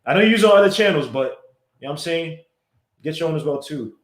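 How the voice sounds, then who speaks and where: A man hosting a sports podcast, chatting casually, excitable and quick to give shout-outs. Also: a little high. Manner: excitable, gives shout-outs, laughs loudly. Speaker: podcast host. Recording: echoey room.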